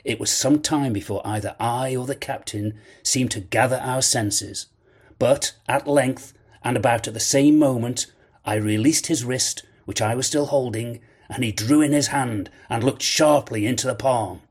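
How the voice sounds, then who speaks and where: A man narrating a classic adventure novel in a measured storytelling manner. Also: medium pitch, slightly rough. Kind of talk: audiobook narration.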